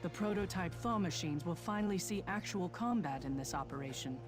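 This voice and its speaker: A brisk female officer from a video game, as a woman acts her out, laying out a battle plan in crisp, commanding tones. Game music plays clearly behind her. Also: on the low side, animated, natural voice.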